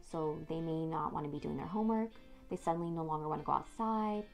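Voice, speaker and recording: A woman in her thirties, an expert on child development, explaining discipline clearly with the odd filler. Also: low voice, fast, soft background music. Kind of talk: educational talk to camera.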